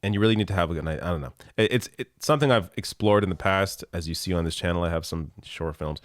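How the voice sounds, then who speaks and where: A man's voice: low-pitched, fast, no echo, studio quality. A man hosting a casual chat, reading out viewer comments in a laid-back, chuckling, self-deprecating way. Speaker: host.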